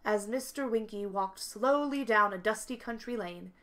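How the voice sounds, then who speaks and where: A woman reading a picture book aloud to children, expressive and stopping to ask the listeners questions. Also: mid-range voice, moderate pace. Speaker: children's story reader.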